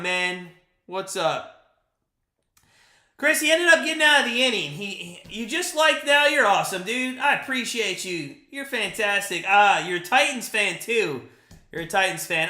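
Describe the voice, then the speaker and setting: Excitable man calling a game live. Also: high-pitched, reverberant. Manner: excitable, talks to chat, swings between hype and frustration. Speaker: live stream play-by-play host. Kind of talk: fan play-by-play and live reaction.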